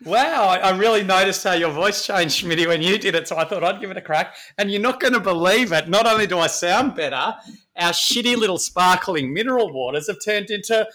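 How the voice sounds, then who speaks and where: A woman's voice: medium pitch, animated, fairly quick, a bit bright. A woman co-hosting a podcast, playful and mock-outraged in banter. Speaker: podcast co-host. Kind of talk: casual podcast chat.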